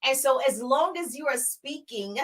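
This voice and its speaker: A woman's voice: high voice, lively intonation, moderate pace, fairly bright tone. A woman with a Southern accent from Georgia hosting a live business Q&A stream, greeting viewers in a bubbly, sing-song way before teaching.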